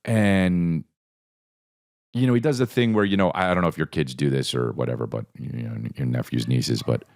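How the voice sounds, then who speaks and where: A man hosting a podcast who tells a story in a casual, animated, profane way and acts out the voices of the people in it. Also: a bass voice, moderate pace. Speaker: podcast host.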